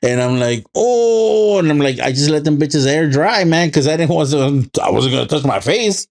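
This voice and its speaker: A man co-hosting a casual podcast, laid-back and swearing freely, slipping into animated quoted voices as he tells stories. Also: on the high side, moderate pace. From immigrated to the United States as a child. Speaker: podcast co-host. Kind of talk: casual chat.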